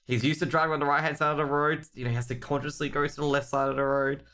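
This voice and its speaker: Bright-voiced Australian esports caster. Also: male voice, fairly high pitch, flat delivery, very fast. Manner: rambling, joking banter with chat. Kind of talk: live esports commentary.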